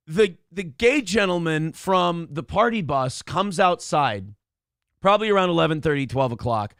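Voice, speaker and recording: A man co-hosting a morning radio show tells a rowdy story in loose, profane chat and acts out every quote. His voice sits a bit high for a man. The studio sound is dry and close. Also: fairly bright tone, no room sound. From Minnesota.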